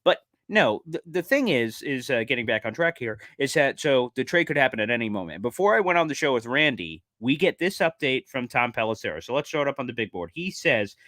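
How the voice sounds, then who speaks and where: A man giving casual commentary in a video, excitable, and he talks straight to his viewers. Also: mid-range voice, fast talker, hardly any pauses, no room sound, studio quality. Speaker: sports commentator.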